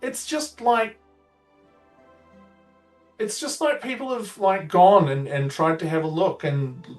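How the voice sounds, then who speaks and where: A man's voice: sits high, takes it slowly, distant mic, faint music behind, voice pushed up. A man voicing a nervous young male villager who stammers and rambles through denials. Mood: flustered.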